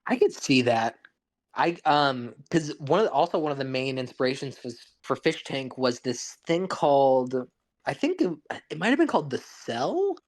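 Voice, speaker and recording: A man's voice: medium pitch, big pitch swings, moderate pace. A man co-hosting a podcast, chatting casually about movies, rambling with frequent restarts. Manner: rambling, restarts often, laughs along. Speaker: podcast co-host. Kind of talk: casual film chat.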